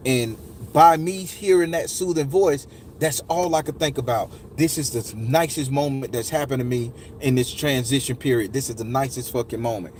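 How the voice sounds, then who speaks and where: A man's voice: on the high side, normal speed, a little hiss or hum. A man telling a personal memory in casual, profane speech, acting out the quotes with strong emotion. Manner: emotional, profane, animated retelling with acted quotes. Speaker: storyteller recounting a personal memory. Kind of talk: casual spoken testimony.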